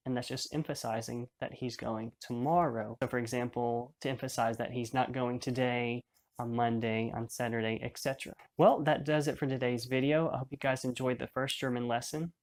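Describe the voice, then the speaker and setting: A man at an ordinary middle pitch teaches a beginner language lesson. He explains each point patiently and step by step.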